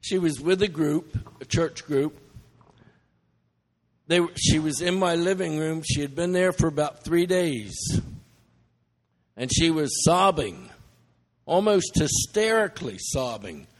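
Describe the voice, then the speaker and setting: Middle-aged male preacher, earnest and emotional, slightly high voice, long church reverb. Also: animated, measured pace, long pauses. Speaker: missionary preacher. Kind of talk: sermon storytelling.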